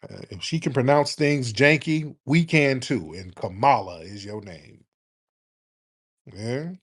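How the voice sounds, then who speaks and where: A brash male host from the United States takes calls and rants. He swears freely and hammers his points home with emphasis, in a mid-pitched voice. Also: expressive, takes it slowly, slightly rough. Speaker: radio show host. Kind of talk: call-in talk show.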